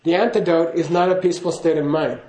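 A man's voice: on the high side, steady tone, fast talker, darkish tone, roomy sound, poor audio. A man giving a casual spoken teaching to a class, chatty and laughing, often checking in with "okay?". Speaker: Buddhist teacher.

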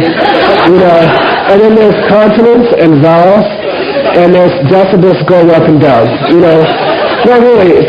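A man's voice: high-pitched, reverberant, muffled recording. A man giving a Buddhist Dharma talk, telling a long story in a rambling way and often checking in with "you know" and "okay?". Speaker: Buddhist teacher.

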